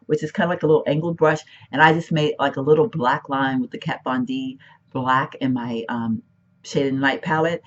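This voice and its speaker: A woman beauty vlogger chatting casually about her makeup at home, rambling and self-interrupting, her voice hoarse and cracking. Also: rumbling low, muffled recording. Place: room at home, once a bedroom.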